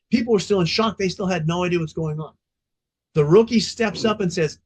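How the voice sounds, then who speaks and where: A middle-aged man with a fairly high voice recounts a story in a podcast interview. He talks bluntly and emphatically and swears freely, like a veteran of the fire service. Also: fairly quick. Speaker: fire department veteran guest.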